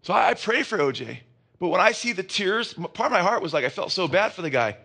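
Very animated and fast, a male pastor preaches in a husky, bright, forceful voice with vocal fry. His impassioned sermon surges to emphatic peaks, and he both questions the congregation and supplies the answers, with rambling asides mixed in.

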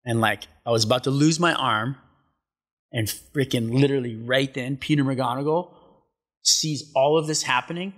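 A middle-aged man, a surfer guest on an interview show, telling a story in a casual, animated way, acting out what people said and saying "like" a lot. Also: mid-range voice, normal speed. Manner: animated storyteller, acts out quotes, many filler likes.

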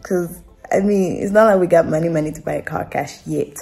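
Soft music plays as the young Namibian vlogger talks to camera at home, fairly quickly, in a low, creaky, slightly mellow voice. Her talk is emotional and rambling, peppered with fillers and restarts.

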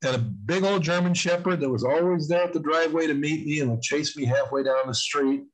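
Older male interview guest, husky and slightly high, earnest storyteller who drags out his emphasis. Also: poor audio. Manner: earnest, emphatic, drawn-out stresses on key points. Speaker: guest on spiritual warfare.

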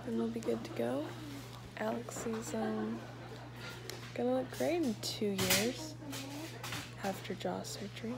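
A woman narrating casually while filming, slow and matter-of-fact. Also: on the high side, steady tone, vocal fry.

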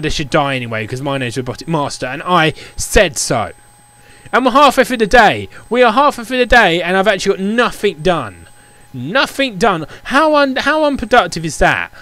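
A man's voice: sits high, big pitch swings, moderate pace, sharp tone, dry recording. A young man commentating his Minecraft game, ranting in an exasperated, repetitive way. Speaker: gaming YouTuber. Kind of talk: Minecraft let's play commentary.

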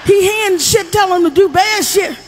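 A woman's voice: extremely high pitch, fairly quick, a little hiss or hum. Brash, profane woman doing stand-up. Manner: loud, brash, profane storytelling with acted-out quotes. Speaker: stand-up comedian. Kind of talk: stand-up storytelling.

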